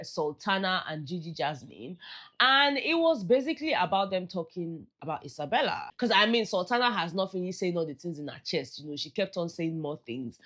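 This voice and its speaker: An entertainment vlogger with a Nigerian accent gossips casually about a reality show, chatty and dropping into Pidgin asides. Her voice is mid-range with a fairly bright tone.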